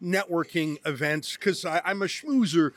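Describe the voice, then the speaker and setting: A man in his fifties hosts interviews at a conference. His voice sits fairly high, and he talks briskly with strong emphasis. The recording is dry and close. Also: a bit bright, no room sound. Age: 50s. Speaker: host.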